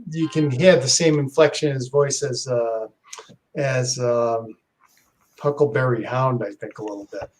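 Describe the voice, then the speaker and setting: A man's voice: medium pitch, fairly even intonation, measured pace, a little mellow. A man co-hosting a casual livestream, rambling fondly about old shows with many restarts. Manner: rambling, fond of nostalgia, stumbles and restarts. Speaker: regular co-host. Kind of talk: casual chat. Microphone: headphones with a computer mic on a call.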